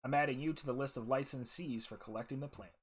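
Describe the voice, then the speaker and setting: A man's voice: medium pitch, steady tone, fast talker, breathy edge, close to an everyday voice. A man voicing a stern, by-the-book male jungle ranger officer, reading game dialogue aloud in a formal briefing tone. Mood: matter-of-fact.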